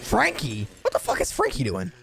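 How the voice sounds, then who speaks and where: Young male reaction host, high lively voice, swears constantly, animated. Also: moderate pace, vocal fry, soft background music. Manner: excitable, profane, slangy. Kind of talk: casual reaction commentary.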